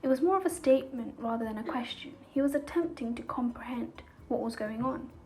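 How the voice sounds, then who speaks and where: A woman reading a fantasy short story aloud in a calm, even storybook narration. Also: fairly high pitch, a little fast, low-quality recording. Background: soft background music.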